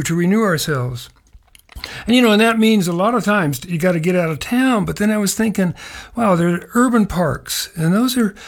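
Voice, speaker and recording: Folksy rambling man hosting a nature segment. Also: high voice. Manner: rambling, folksy, chuckling asides. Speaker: radio show host. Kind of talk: casual spoken nature segment.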